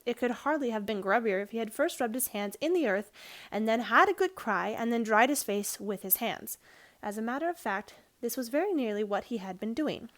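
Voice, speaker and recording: A woman reading a children's storybook aloud in a gentle, clear way, now and then correcting herself. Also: fairly high pitch, animated, fairly quick.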